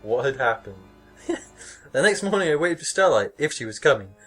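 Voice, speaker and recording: A man's voice: mid-range voice, very animated, moderate pace, a bit bright, breathy edge, faint music behind. A young man hosting a podcast, reading a scary story aloud and mocking it with sarcastic, swear-filled asides and frequent laughter. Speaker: podcast host reading stories. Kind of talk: comedic reading with sarcastic commentary.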